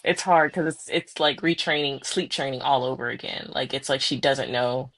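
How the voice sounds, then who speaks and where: A woman's voice: extremely low pitch, normal speed, a bit bright, no echo, low-quality recording. A mother co-hosting a podcast, talking candidly about parenting in a rambling way full of "like"s and little laughs. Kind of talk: casual podcast chat.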